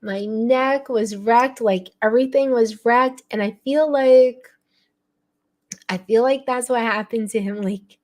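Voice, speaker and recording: A woman's voice: on the high side, a little slow, darkish tone. Upset woman rambling through a story. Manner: rambling, emotional, with frequent fillers and throat clearing. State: tearful, upset. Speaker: live stream host. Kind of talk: casual live-stream storytelling.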